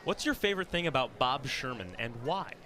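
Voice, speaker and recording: A man doing relaxed color commentary at a baseball broadcast, reading listener emails aloud and joking with his partner. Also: medium pitch, fairly quick. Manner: relaxed, joking, laughs easily. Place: outdoor ballpark broadcast booth. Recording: outdoor ballpark crowd behind. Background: ballpark crowd.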